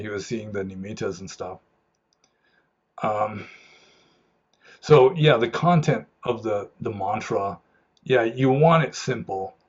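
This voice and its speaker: A low, husky male voice, a monk talking through viewer questions off the cuff. He circles back and restarts his phrases as he thinks aloud. The sound is dull and lo-fi. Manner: rambling with frequent restarts and fillers. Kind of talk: unscripted Q&A talk.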